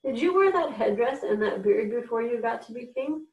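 A woman reading aloud and voicing a kind young boy who speaks earnestly and gently. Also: a little high, animated, moderate pace, far from the mic, dull audio. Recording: echoey room, voice off-mic.

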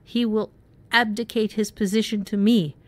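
A woman's voice: medium pitch, fairly even intonation, moderate pace, voice pushed up, natural voice. A woman voicing a tiny imperious water sylph. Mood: threatening. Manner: commanding, threatening.

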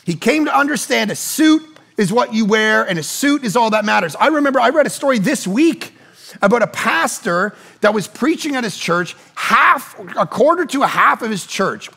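Male pastor, middle-aged, gravelly and high-pitched; animated storyteller sermon, chatty asides. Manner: conversational storytelling with rapid asides; animated, acts out quoted people.

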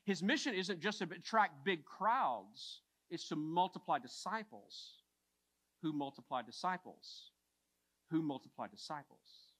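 A pastor delivers a sermon in a voice on the high side. He moves from hushed lines to emphatic ones, repeating phrases for emphasis.

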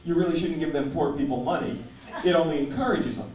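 A man's voice: a little high, fast talker, natural voice. A man doing a smug preachy bus driver. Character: smug middle-aged male bus driver. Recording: echoey live stage from far off, loud noise.

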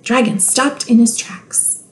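Reading a children's storybook aloud, a woman school librarian is playful and expressive, throwing teasing asides to her audience. She speaks slowly in a voice on the high side.

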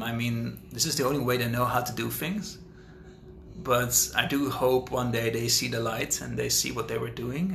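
Talkative man host, casual livestream chat, bright voice, roomy echo with faint ambience. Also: mid-range voice, vocal fry, a little hiss or hum. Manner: rambling, talkative, thinks out loud. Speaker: author hosting a live Q&A.

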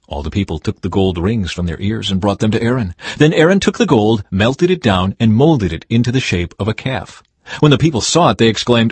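A man reads scripture aloud in a measured, steady way. His voice is husky, and the sound is close and dry with no room around it. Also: lowish voice, no echo. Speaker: Bible reader.

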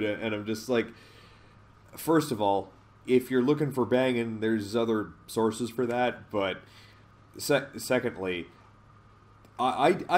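A man's voice: mid-range voice, moderate pace. A man giving casual gameplay commentary, rambling, swearing and laughing often, reading menu options aloud. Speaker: let's play host.

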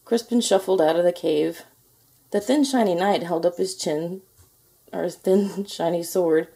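A woman reading a children's picture book aloud, with lively, expressive delivery. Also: lowish voice, moderate pace, slightly rough. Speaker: storybook reader. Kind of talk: children's storybook read-aloud.

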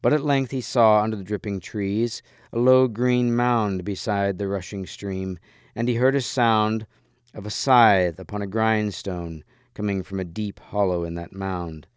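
A male reader narrates a storybook aloud in a measured, expressive way. His low voice is smooth and resonant, captured close and dry without any room echo.

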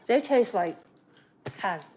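A woman's voice: medium pitch, lively intonation, slow, dark tone, a little hiss or hum. A young woman hosting a casual livestream about her pet bird, chatting and giggling as she talks to the bird and the viewers. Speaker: pet bird channel host.

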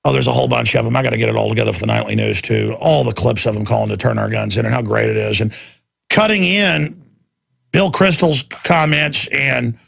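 A man's voice: medium pitch, a little fast, gravelly, fairly bright tone, husky. A man hosting a talk radio show, delivering a heated, impassioned monologue and mocking his opponents' voices.

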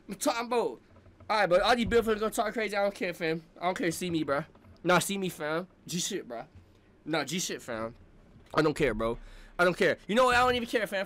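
High-pitched, ranting young man. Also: pushed and bright. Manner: heated, slangy, repeats himself with "bro" and "fam". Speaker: sports fan reaction host. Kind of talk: ranting sports reaction.

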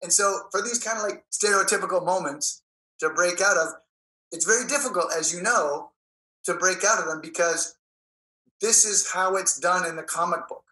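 Animated man with a bright, high voice. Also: normal speed, reverberant, poor audio. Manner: animated, acts out scenes in put-on voices. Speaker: guest actor. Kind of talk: casual chat.

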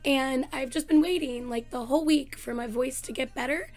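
A woman hosting a reaction vlog, chatting excitedly with a hoarse voice she is losing, talking into a desk microphone with many fillers. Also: high voice, normal speed. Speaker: reaction channel host. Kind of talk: casual chat to camera.

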